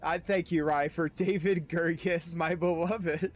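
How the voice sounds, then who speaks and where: High-voiced, swearing gaming streamer. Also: male voice, steady tone, slow, pauses often, soft background music. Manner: profane, laughing, chatty. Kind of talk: casual gaming stream, reading dialogue aloud.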